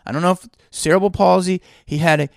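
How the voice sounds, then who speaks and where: A man hosts his podcast in a heated, sarcastic rant, firing off one rhetorical question after another. His voice sits a little high for a man, and the sound is dry and close, with no room echo. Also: fairly even intonation, fast, creaky. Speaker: podcast host and actor. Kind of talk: ranting podcast monologue.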